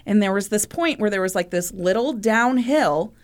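A woman's voice: mid-range voice, lively intonation, normal speed. A woman co-hosting a podcast, telling stories in casual chat full of fillers. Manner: chatty storytelling with many fillers. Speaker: podcast co-host.

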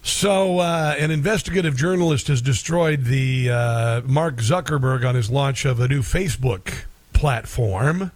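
A man's voice: mid-range voice, a little slow, dry recording. A middle-aged man hosting talk radio in a rambling, folksy monologue full of fillers.

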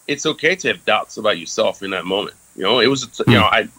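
A man's voice: on the low side, expressive, fast, pushed and bright, rough recording. A man from France in his thirties, a guest casually telling a candid story with many fillers and casual swearing.

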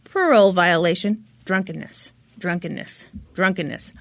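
A woman's voice: fairly high pitch, lively intonation, moderate pace, no echo. A woman hosting a podcast, telling a true-crime case in a chatty, dramatic way and swearing freely. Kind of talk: casual storytelling.

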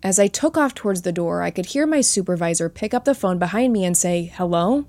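A woman hosting a spooky story show, reading listener stories aloud in a soft, earnest storytelling voice. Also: lowish voice, expressive, quick pace, no room sound. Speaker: host and narrator.

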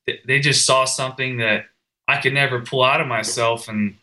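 A young man recounts his own story with feeling, stumbling and restarting as he goes. His voice is strikingly bright and forward, sitting at an ordinary pitch. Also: steady tone, moderate pace, low-quality recording. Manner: earnest, emotional storytelling with restarts. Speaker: guest, firefighter. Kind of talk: personal story in a podcast conversation.

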